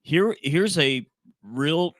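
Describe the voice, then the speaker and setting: A man's voice: on the high side, animated, extremely slow, a bit bright, no room sound, studio quality. A man hosting a podcast in casual chat, joking, laughing often and trailing off mid-thought. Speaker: podcast host.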